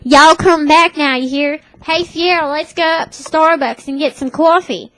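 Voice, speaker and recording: A woman's voice: sits high, normal speed, a bit bright, voice pushed up. A woman voicing a chatty Southern woman friend with a put-on twangy Southern drawl. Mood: cheerful.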